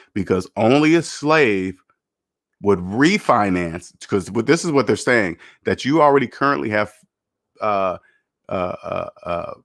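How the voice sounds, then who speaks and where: Man, finance streamer, low voice, emphatic, repetitive, lecturing. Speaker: personal finance YouTuber. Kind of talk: casual livestream commentary.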